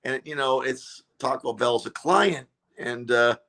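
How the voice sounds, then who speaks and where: A man, a comedian and radio show regular, telling stories as a guest in a casual interview, animated and full of fillers and restarts. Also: medium pitch, unhurried, creaky, a little hiss or hum.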